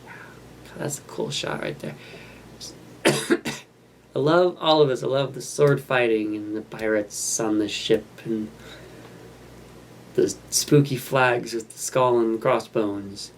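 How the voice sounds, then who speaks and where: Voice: mid-range voice, slow, long pauses, slight background noise. A host giving casual running commentary over a film while building a model kit. They ramble in an offhand, self-mocking way.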